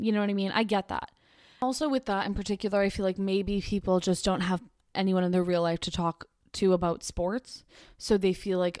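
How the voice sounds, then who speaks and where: With a clear, resonant mid-range voice and a steady tone, this young podcast host in her twenties talks a little fast on her casual solo show. Chatty and rambling, she uses "like" heavily and keeps restarting. The audio is clean studio sound with no room noise.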